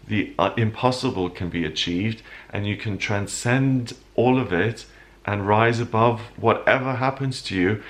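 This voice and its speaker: A man with a somewhat low voice delivers his weekly horoscope. He speaks with earnest, animated feeling and sometimes grows openly emotional. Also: unhurried. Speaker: astrologer host.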